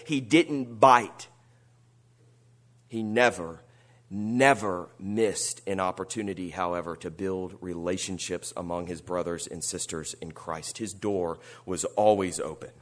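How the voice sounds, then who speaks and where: A man preaching a sermon, earnest, moving between quiet reflection and rising, emphatic appeals. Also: sits low, measured pace. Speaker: pastor.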